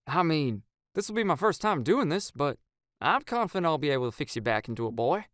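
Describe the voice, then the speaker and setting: A man voicing an excited teenage boy who chants hypnosis lines in a slow monotone. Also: a little high, no room sound, studio quality, voice pushed up. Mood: eager.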